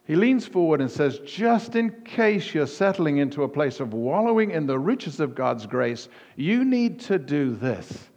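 A man preaching a sermon as pastor, emphatic, with punchy repetition that rises to near-shouts on key words. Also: a little high, animated, moderate pace, hardly any pauses. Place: church hall. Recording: long reverb of a church hall.

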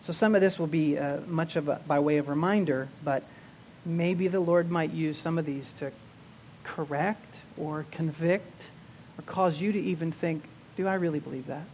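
A male pastor teaching a sermon, restarting and repeating words as he goes, slowing down to stress key terms. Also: fairly high pitch, a little mellow, slight background noise.

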